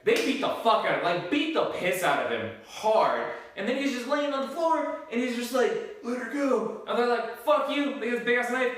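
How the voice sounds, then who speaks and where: High, bright-voiced man in a very echoey room. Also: animated, fairly quick, hardly any pauses. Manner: blunt, profane, rambling with many fillers. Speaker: film reviewer. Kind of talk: casual spoken movie review. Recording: very echoey room, mic far off.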